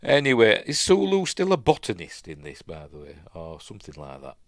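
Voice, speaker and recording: Low-pitched Yorkshire host, dry and close-miked, meandering chatty delivery full of fillers. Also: male voice, wildly swooping pitch, a little fast, no room sound. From Yorkshire, England. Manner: rambling, chatty, lots of fillers, self-correcting. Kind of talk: casual live commentary while watching.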